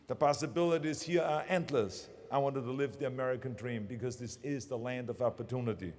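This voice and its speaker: A man's voice: medium pitch, a little mellow, in a large hall. A man with a German accent giving an emphatic, motivational commencement speech in short, punchy phrases. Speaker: commencement speaker.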